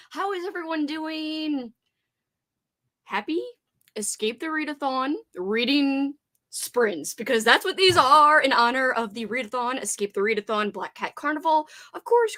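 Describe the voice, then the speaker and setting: Bubbly, high, animated woman streamer. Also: a little slow. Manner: bubbly, greets viewers by name, sing-song shouted greetings. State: slightly out of breath after exercise. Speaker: livestream host. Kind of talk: casual livestream chat.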